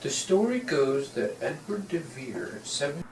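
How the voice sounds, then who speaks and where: Man coaxing softly in an echoey room. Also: on the high side, very animated, a little slow. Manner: gentle, overly formal big-brother tone. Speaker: performer in a scene study. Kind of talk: coaxing talk to a child in a scene. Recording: roomy, distant, noisy room recording.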